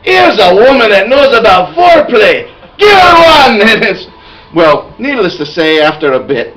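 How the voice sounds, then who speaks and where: A man's voice: on the high side, animated, unhurried, fairly bright tone, far from the mic, faint music behind, poor audio. A man playing a boastful, bawdy male dwarf warrior who tells a rambling tavern tale in character. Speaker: player telling an in-character story. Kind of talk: in-character storytelling.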